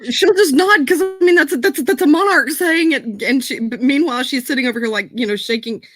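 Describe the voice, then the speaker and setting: A woman's voice: high-pitched, fast talker, a bit bright. A woman playing in a tabletop role-playing game, chatty and giggly. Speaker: player.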